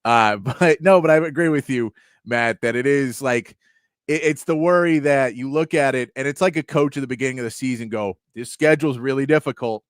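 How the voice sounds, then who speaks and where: Animated sports radio host, dry studio sound. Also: male voice, medium pitch, moderate pace, clean tone, dry recording. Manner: animated, acts out quotes in mock voices. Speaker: sports talk show host. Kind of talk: casual sports talk.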